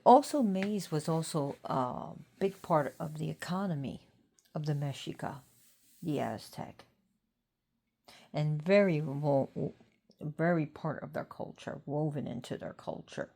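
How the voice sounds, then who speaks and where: A tired woman talking casually about an old god, rambling and pausing to think. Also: sits low, gravelly, warm tone, husky. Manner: rambling, unhurried, pauses to think. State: tired, yawning. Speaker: host of a mythology talk. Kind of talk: casual talk to camera.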